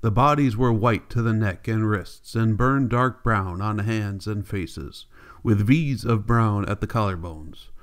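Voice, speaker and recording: A man narrating an audiobook in a steady, measured reading. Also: fairly low pitch. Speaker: audiobook reader. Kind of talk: scripted narration.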